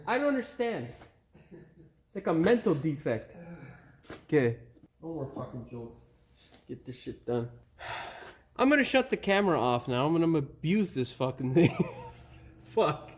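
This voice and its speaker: Male mechanic host, slightly high voice that swings wildly, loses his lines and curses in frustration. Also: expressive, moderate pace. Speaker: auto mechanic channel host. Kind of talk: bloopers from a car repair video.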